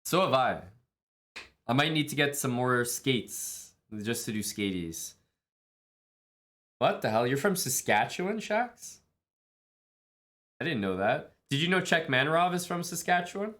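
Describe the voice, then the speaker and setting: A man's voice: mid-range voice, big pitch swings, unhurried, pauses often, a bit bright. A man streaming live, chatting casually with viewers and thanking them, laid-back and jokey. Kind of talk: casual stream chat, reading viewer messages.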